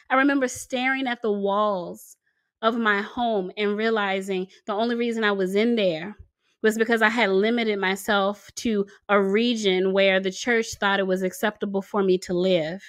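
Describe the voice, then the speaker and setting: A woman's voice: mid-range voice, steady tone, moderate pace, fairly bright tone. A woman in her forties hosting a commentary video, speaking earnestly and pressing her points with emphasis. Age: 40s. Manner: earnest, emphatic, pushes harder when stressing a point. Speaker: channel host. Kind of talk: commentary to camera.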